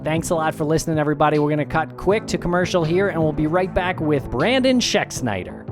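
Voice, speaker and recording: Friendly podcast host reading promos. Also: male voice, fairly high pitch, animated, fast talker, over music. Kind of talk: casual podcast hosting and ad reads.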